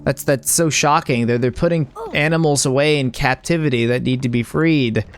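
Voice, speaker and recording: A young man doing comedic gameplay commentary, joking, stammering and repeating words, and bursting into loud squeals. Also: medium pitch, moderate pace, background noise. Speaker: streamer.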